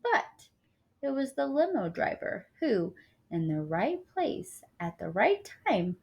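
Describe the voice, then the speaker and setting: Slow, expressive woman reading a picture book. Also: mid-range voice, creaky, slightly rough, muffled recording. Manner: expressive, with casual asides to listeners. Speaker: storyteller.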